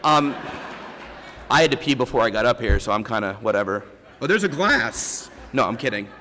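A man's voice: mid-range voice, lively intonation, pushed and bright, slight background noise. Man telling his story in a reverberant hall. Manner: candid, self-deprecating humor, halting restarts. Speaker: keynote speaker. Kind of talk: personal story keynote. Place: large conference hall before an audience. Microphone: lavalier.

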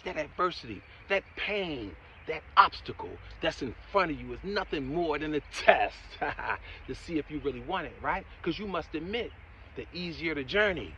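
A man's voice: fairly high pitch, lo-fi sound, a little hiss or hum. Preachy, emphatic male motivational speaker. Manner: repeats "my friend" and "right?" often, preachy and encouraging; swings between loud emphatic bursts and quiet asides. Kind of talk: motivational talk.

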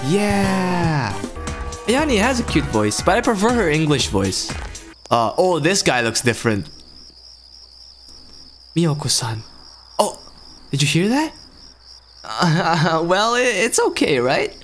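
A man's voice: fairly high pitch, big pitch swings, slow pace, long pauses, fairly bright tone. Joking man commentating a game. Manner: casual, joking, slangy. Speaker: gaming channel host. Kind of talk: let's play commentary reading subtitles aloud. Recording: game music behind voice.

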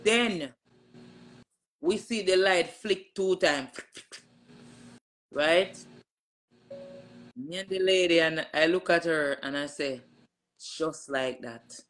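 A woman's voice: on the low side, takes it slowly, long pauses. A middle-aged woman telling her pastor what happened to her, in an emphatic way and acting out what people said. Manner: emphatic storyteller who re-enacts dialogue with many "I said". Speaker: church member giving a testimony to her pastor. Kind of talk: casual spoken testimony.

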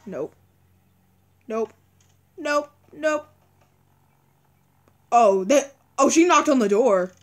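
A woman's voice: high-pitched, animated, drawn-out words, long pauses. A young woman commenting on a video game as she plays, anxious and pleading, often repeating words and crying out. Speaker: gaming video creator. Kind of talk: let's-play commentary.

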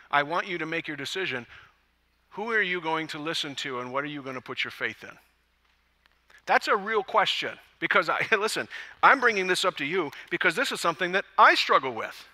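A man preaching to his church congregation, his voice very bright and ringing. He pitches a little higher than most men and keeps the message lively with jokes and acted-out lines. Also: big-room sound. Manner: lively, joking storyteller who acts out quotes. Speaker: pastor. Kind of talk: sermon. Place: church service.

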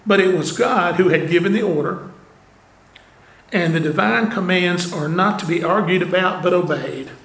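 A man's voice: sits high, moderate pace, fairly bright tone. A man preaching a sermon as pastor, earnest, with rhetorical questions and conversational asides, recorded in a church sanctuary. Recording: roomy church echo.

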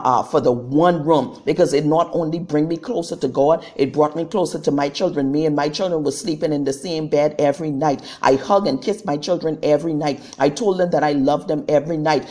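A woman's voice: low-pitched, a little mellow. A woman preaching on a live broadcast as a prophetess, giving a fervent testimony sermon full of repetition and fillers.

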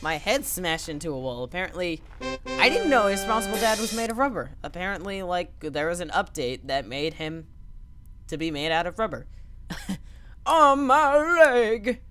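Speaking at normal speed over music, a woman with a voice on the low side gives animated let's-play commentary on a video game. She's a gaming commentator who keeps things playful, cracking jokes and frequently yelping, with background noise present.

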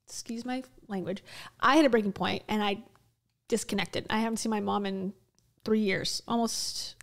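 A woman with a slightly high voice hosts a casual reaction commentary. She speaks candidly and bluntly and lets the odd swear word slip. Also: fast. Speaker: commentary host.

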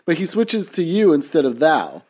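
Wry, mellow-voiced podcast co-host. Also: mid-range voice, wildly swooping pitch, moderate pace. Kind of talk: casual podcast chat.

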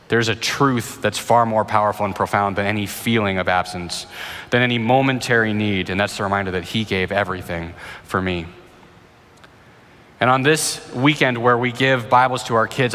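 A man's voice: medium pitch, sharp tone. A male pastor in his thirties preaching and answering questions in an earnest, conversational way, often restarting phrases. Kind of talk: sermon with Q&A. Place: church auditorium. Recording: reverberant church hall.

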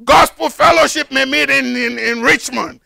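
An older man preaching a fervent sermon as pastor, building to shouted, repeated lines. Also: very high voice, normal speed, creaky, no echo. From Nigeria. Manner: fervent preaching, rises to shouted emphasis and repetition.

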